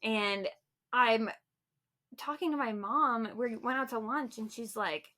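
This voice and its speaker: A woman with a bright, fairly high voice tells stories in a relaxed podcast chat. She is animated and laughs often as she talks. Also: slow pace. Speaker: podcast co-host. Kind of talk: casual chat.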